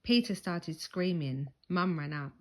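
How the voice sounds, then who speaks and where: Expressive storyteller reading to children, low-ish and animated. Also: female voice, a little slow. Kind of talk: reading a picture book aloud.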